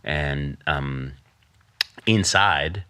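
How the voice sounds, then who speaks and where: A middle-aged man speaks as a podcast guest in a very deep voice with a forceful, bright edge. He tells a personal story in candid conversation and slips into animated voices when he quotes others. The sound is dry and close to the mic. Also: extremely slow, clean tone, no room sound.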